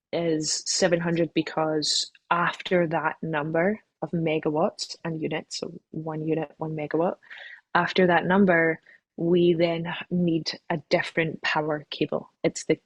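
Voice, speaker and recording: A woman with a slightly husky, lowish voice talks through an interview as a company chief. She is chatty and self-deprecating, restarting sentences and laughing at herself. The sound is dry and close. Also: little pitch movement, unhurried, no echo, poor audio. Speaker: company CEO, interview guest. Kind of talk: casual interview answers.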